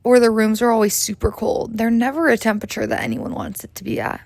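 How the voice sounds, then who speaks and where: This twentysomething podcast host talks fast and is very animated, her fairly high voice carrying a darkish tone with no echo. In her comedic casual monologue she's chatty, rambling, profane, and quick to mock herself.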